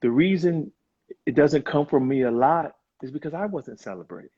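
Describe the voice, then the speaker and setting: Over muffled, lo-fi video call audio, a guest in a casual live conversation talks at normal speed in a husky voice on the high side. His manner is earnest and reflective, and he uses many fillers.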